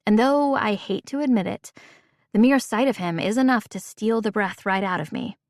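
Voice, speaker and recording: A woman narrating a first-person audiobook in a wry, measured way. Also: medium pitch, darkish tone, no echo, studio quality.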